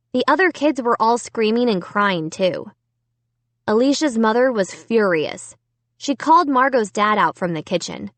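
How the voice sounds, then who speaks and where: A woman reading a storybook aloud in an expressive first-person narration. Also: mid-range voice, no room sound. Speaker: audiobook reader.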